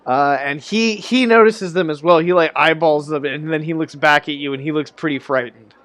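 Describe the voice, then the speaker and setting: A man narrates a tabletop adventure as game master, his voice a touch higher than most. He rambles casually, restarting phrases as he sets each scene. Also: moderate pace, fairly bright tone, no room sound.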